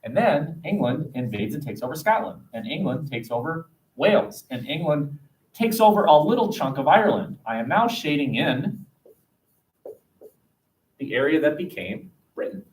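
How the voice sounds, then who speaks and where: A man teaching a history class, lively and questioning, recorded from across a classroom. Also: on the high side, normal speed. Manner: animated, asks the class questions, jokes. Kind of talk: classroom lecture. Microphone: webcam across the room. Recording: distant webcam sound.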